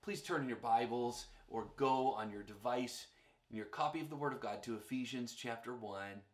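A man's voice: mid-range voice, normal speed, roomy sound. A male pastor preaching a sermon, storytelling and addressing the congregation directly.

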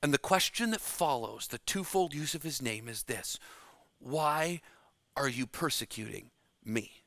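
A man preaching a sermon, slow and dramatic, dropping to a hush to stress key words. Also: mid-range voice, expressive, creaky, no room sound.

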